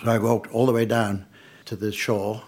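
A man's voice: fairly low pitch, little pitch movement, normal speed, a little mellow. An older man from England telling family anecdotes to an audience in a dry, wry, understated way. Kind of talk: anecdotal storytelling talk.

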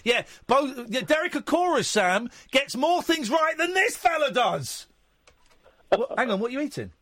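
A man hosting a radio show in a studio, chatting casually with an animated, jokey, teasing manner. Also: very high voice, moderate pace, no echo. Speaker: radio host. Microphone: studio microphone.

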